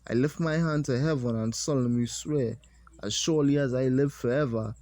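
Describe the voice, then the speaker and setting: A man teaching a religious lesson, reading scripture slowly and deliberately and pausing to comment. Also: medium pitch, warm tone, dry recording.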